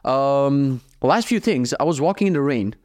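A man's voice: mid-range voice, moderate pace. A young man from Croatia hosting a podcast, telling stories casually with lots of swearing and acted-out dialogue. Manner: profane, animated, acts out his own dialogue. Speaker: podcast host. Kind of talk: casual storytelling monologue.

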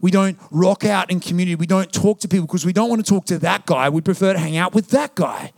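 Young Aussie male pastor, gravelly, storytelling sermon style, dry close sound. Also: sits high, fast talker, no room sound. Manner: passionate, conversational preaching with anecdotes. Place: church.

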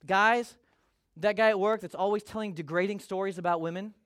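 A man delivers a sermon as a pastor, his voice sitting high for a man. He talks to the congregation in an easy, conversational way and slips into little acted voices for the people he quotes. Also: steady tone, fairly quick, fairly bright tone.

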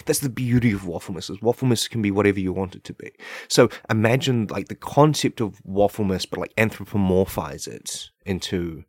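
A man hosting a comedy podcast, rambling through an absurd monologue with deadpan delivery. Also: on the low side, brisk, slightly rough, dry recording. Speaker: podcast host.

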